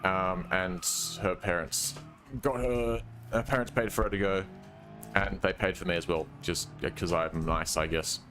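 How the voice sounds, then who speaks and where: Music plays in the background as a young working-class Australian man from Western Australia streams a driving game. His low voice is fairly even in intonation and a little slow, and his casual chat rambles, hesitates, and trails off with "I don't know."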